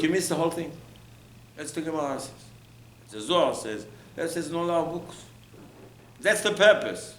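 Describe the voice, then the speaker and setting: A man's voice: on the high side, pushed and bright, reverberant, low-quality recording. A male rabbi giving an emphatic Torah lecture, repeating phrases, asking rhetorical questions and mixing in Hebrew terms. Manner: mixes in Hebrew and Aramaic terms.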